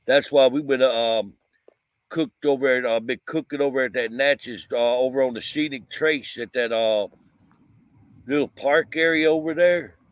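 A man's voice: mid-range voice, moderate pace, no room sound. A man with a drawl talks casually outdoors at night by his van, drifting through a story with lots of "uh" and "um." His voice sits mid-range and sounds close and dry. Crickets and insects chirp behind him. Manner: rambling, folksy storytelling with frequent fillers. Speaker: vlogger, paranormal investigator.

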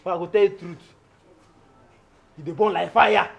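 An actor with a Nigerian Pidgin accent playing a comic young houseboy, greedy and lovestruck, who rambles and pleads theatrically. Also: male voice, high-pitched, fairly even intonation, moderate pace, gravelly, fairly bright tone, husky, exaggerated voice. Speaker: actor playing a lovestruck, food-obsessed houseman named Friday. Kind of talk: Nollywood film acting.

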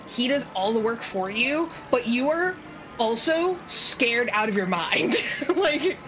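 A woman's voice: fairly high pitch, sing-song, slow, a bit bright, rough recording. A woman narrating as dungeon master, chatty and giggly, with lots of fillers. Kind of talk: narrating a tabletop game. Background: background music.

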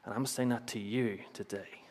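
A man's voice: medium pitch, steady tone, normal speed, a little mellow. A young man preaching a sermon in a church, telling personal stories with earnest, emphatic repetition and light chuckles. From Northern Ireland.

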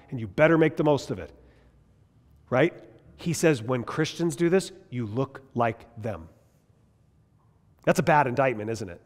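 A man teaching a Bible class in a lively, conversational way, asking his listeners questions as he goes. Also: medium pitch, long reverb tail. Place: large classroom or hall.

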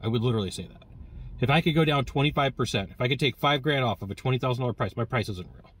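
A man teaching sales negotiation in a lively, conversational way, acting out bits of dialogue with customers. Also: mid-range voice, very fast, slightly rough, dry recording. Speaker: sales trainer. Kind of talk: direct-to-camera sales coaching.

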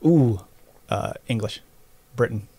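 A man's voice: mid-range voice, slow pace, mellow, slightly rough. A man who is a guest on a podcast, in casual chat, hesitant and repeating words as he answers.

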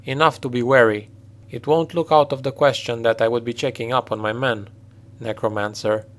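A man narrating a storybook takes on the role of a male mercenary captain, blunt and practical, whose speech is forceful, direct and commanding. The voice is medium-pitched with a steady tone, a moderate pace and light acting.

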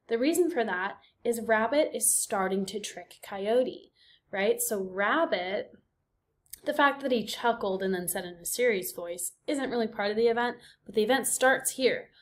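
A woman teaching a recorded reading lesson for young students. Her voice sits a little high, and she explains step by step in a patient way. She keeps checking in with her listeners. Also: measured pace. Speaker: elementary school teacher.

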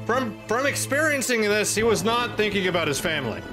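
A man's voice: sits high, expressive, moderate pace, hardly any pauses, music in the background. A young man hosting a gaming channel, rambling through a horror game in let's play commentary and yelping and swearing when startled. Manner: rambling, jumpy, yelps and swears at scares.

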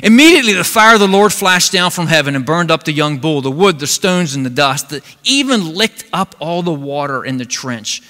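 A man preaching a sermon as pastor, telling a Bible story in an animated way and briefly acting out the characters. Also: fairly high pitch, fairly quick, few pauses. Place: church sanctuary. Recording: long reverb of a large hall.

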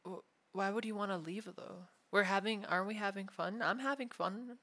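A clingy, obsessive young yandere femboy, voiced by a man in a whispered role-play. The tone is bright and airy, gentle one moment and quietly threatening the next. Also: sits high, normal speed, heavily acted. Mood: clingy menacing. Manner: soft, unsettling, swings between sweet and threatening.

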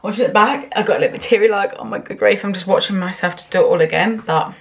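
A woman vlogging at home in casual chat, excitable and swearing freely. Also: medium pitch, fast talker, creaky, highs cut off, slight background noise.

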